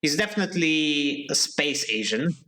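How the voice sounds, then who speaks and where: A man's voice: a little high, lively intonation, normal speed, bright, forceful tone, a little hiss or hum. A man streaming a video game live, chatting casually and answering his viewers as he plays. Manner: chatty, thinks aloud, answers chat.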